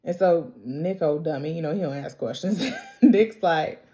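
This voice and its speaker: A woman with a low, mellow voice recaps a TV episode a little slowly. She's a chatty, slangy vlogger who tells it like a story, acts out the characters' lines, and laughs often.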